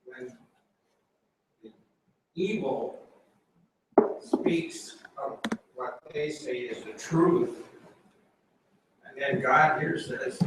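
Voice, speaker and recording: A man in a congregation responding during a sermon, slow and halting, repeating himself. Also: mid-range voice, fairly bright tone. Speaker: congregation member. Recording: distant, very echoey hall, faint noise.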